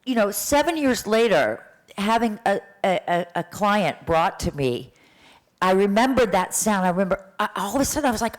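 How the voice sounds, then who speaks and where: A woman's voice: medium pitch, sing-song, moderate pace, low-quality recording. A woman in her sixties, a voice teacher, telling stories in a chatty way to an audience in a lecture room, with many restarts. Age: 60s. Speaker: voice teacher giving a talk. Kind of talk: live symposium talk.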